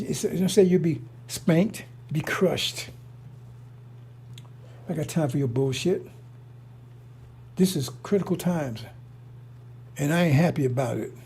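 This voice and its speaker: A middle-aged man acting as a religious commentator delivers a loose, preachy monologue that rambles, repeats itself, and is blunt and full of profanity. His voice is high, creaky, and dark in tone, with a slight hiss or hum on the recording.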